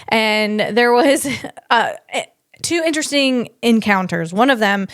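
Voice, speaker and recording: A woman comedian riffs through a casual podcast monologue in a fairly high voice. She talks slowly and stretches her words, animating her stories with acted-out quotes. The recording is dry and close. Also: smooth, no echo.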